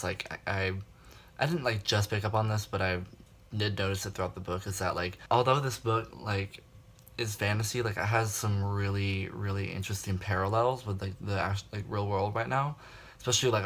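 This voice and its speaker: Young male book vlogger with a gravelly voice, casual and dramatic. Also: lowish voice, a little fast, fairly bright tone. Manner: chatty, dramatic, filler-heavy. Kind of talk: casual reading vlog.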